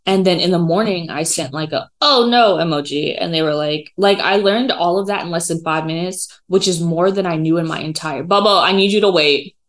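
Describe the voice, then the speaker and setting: A woman with a notably low voice, chatting casually on her own podcast. She rambles through a story with plenty of "like" and "um," animated and loose in her delivery, recorded at home at a dining table. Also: fairly quick, few pauses, low-quality recording. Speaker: podcast host. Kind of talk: casual solo chat. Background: dog running around.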